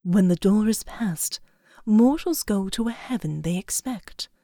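A woman voicing a sorrowful, humble female angel in a slow, hushed whisper, reading a storybook. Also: medium pitch, lively intonation, no echo, clean studio sound, voice pushed down. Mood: solemn.

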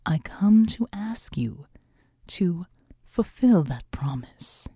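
A woman reading an audiobook, voicing a serene, otherworldly female seraph who speaks slowly and in a hushed, deliberate way. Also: fairly low pitch, very animated, husky, no echo, clean studio sound, heavily acted. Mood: solemn. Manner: hushed, slow, deliberate delivery.

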